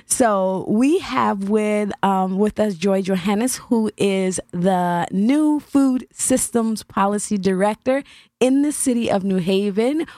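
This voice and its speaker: A woman's voice: medium pitch, takes it slowly, mellow, no room sound, studio quality. A woman hosting an interview, enthusiastic and a little rambling, laughing often between questions. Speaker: host. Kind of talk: interview conversation.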